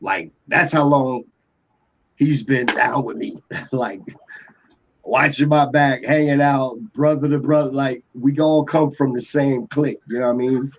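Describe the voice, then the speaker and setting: A music producer from Atlanta telling a rambling story in a casual interview, full of restarts and fillers. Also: male voice, medium pitch, fairly even intonation, a little slow, a little hiss or hum. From Atlanta, USA. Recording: dull lo-fi podcast audio.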